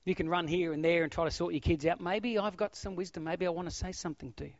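A middle-aged man preaching a sermon, swinging from loud exclamations to hushed, almost whispered lines. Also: sits high, steady tone, fast, no echo. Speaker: pastor. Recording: dull, dry lo-fi sound.

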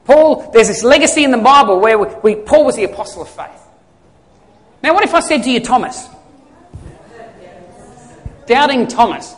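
A man's voice: extremely high pitch, fairly bright tone. A male pastor preaching a sermon in a conversational way, asking the congregation questions and answering them himself. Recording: long hall reverb.

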